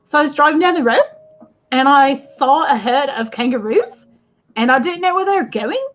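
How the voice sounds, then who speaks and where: A woman's voice: sits high, expressive, normal speed, fairly bright tone, lo-fi sound, faint music behind. A woman doing a chatty sing-song Australian talker. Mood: playful. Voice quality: sing-song rise at the end of statements.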